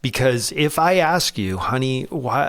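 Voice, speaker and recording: Man, mid-pitched voice, earnest, casual podcast chat, animated quotes. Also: unhurried. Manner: earnest, animated when quoting himself. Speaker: podcast co-host.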